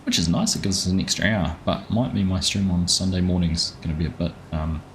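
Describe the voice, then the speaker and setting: Male streamer host, deep voice, easygoing chatter, greets viewers by name. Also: a little fast, slight background noise. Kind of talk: casual live-stream commentary.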